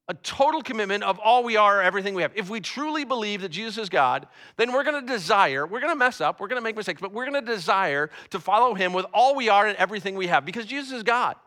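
A man's voice: high-pitched, pushed and bright. A man preaching a conversational sermon to a congregation in a church, often repeating words as he talks. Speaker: pastor.

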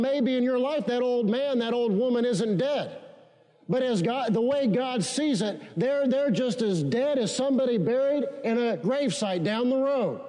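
Male pastor, high mellow voice, call-and-response preaching, big reverberant sanctuary. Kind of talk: sermon. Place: large church sanctuary. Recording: long hall reverb.

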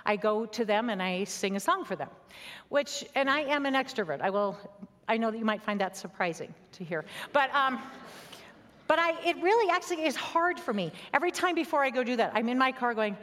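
A woman preaches in an earnest, conversational way, her voice sitting a little high. She sometimes sinks to a soft near-whisper. A long reverb trails her words around a large hall. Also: expressive, normal speed. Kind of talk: sermon with personal story.

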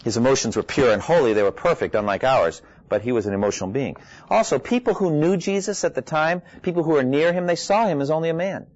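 A man preaching a sermon in a conversational, animated way, acting out scripture quotes with his voice rising high. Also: quick pace, dry recording, highs cut off.

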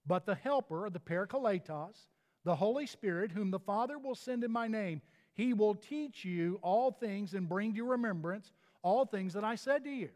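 A man's voice: high voice, expressive, normal speed, a little mellow, long reverb tail. A pastor delivering a sermon in an earnest manner, often restarting his phrases.

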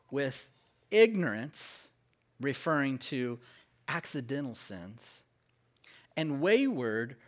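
A man preaching as pastor, leading the congregation in call-and-response and stressing key words. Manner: slow and emphatic with lively pitch swings. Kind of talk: sermon.

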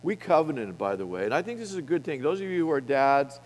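A middle-aged man preaching a sermon to a men's gathering, speaking boldly and emphatically, with his loudness rising and falling widely. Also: a little high, big pitch swings, fast talker. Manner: bold, emphatic preaching with wide swings in loudness. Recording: long reverb of a hall.

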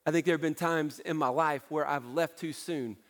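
A male pastor delivers a sermon with an earnest, pleading urgency. His voice sits high for a man, and he circles back to the same phrases again and again to press his point. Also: fairly even intonation, moderate pace, fairly bright tone. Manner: earnest, pleading, repeats key phrases for emphasis.

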